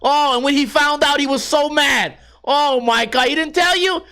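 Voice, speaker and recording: A man's voice: extremely high pitch, moderate pace, pitched above the performer's own voice, full character voice. A man putting on a brash older coworker with a Jersey accent. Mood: brash gossip. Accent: New Jersey. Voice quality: shouting from behind a counter. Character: loud older male coworker, brash and gossipy.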